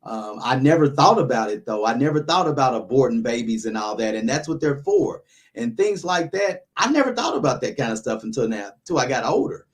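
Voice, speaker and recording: A man's voice: medium pitch, big pitch swings, fairly quick. A man hosting a casual talk show, rambling with many restarts while giving his opinions. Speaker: YouTuber, podcast host.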